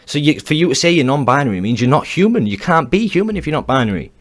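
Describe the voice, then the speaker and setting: A man's voice: a little high, very animated, fast talker. Ranting man. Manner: heated, blunt, swears, repeats himself. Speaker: commentator reacting to clips. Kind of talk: ranting reaction commentary.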